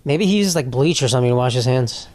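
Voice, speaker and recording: A man's voice: medium pitch, animated, fast talker, a little mellow, dry recording. A young man hosting a casual solo podcast, rambling and profane, laughing as he reads posts aloud. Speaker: podcast host.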